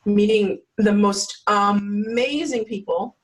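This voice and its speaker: A woman talks through her story in a relaxed, chatty way. She fills it with "like" and acts out what people said. Her voice sits at a middling pitch and a little away from the microphone. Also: slow pace, distant mic, low-quality recording. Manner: chatty, many "like" fillers, acts out quotes. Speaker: podcast guest. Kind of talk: casual storytelling interview.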